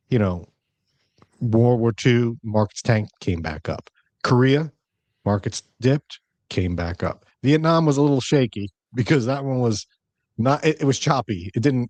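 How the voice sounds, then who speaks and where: A man hosting a podcast as an investment advisor, chatting casually with jokes and quick asides. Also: mid-range voice, a little mellow, dry recording. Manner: jokey, talkative, rapid asides.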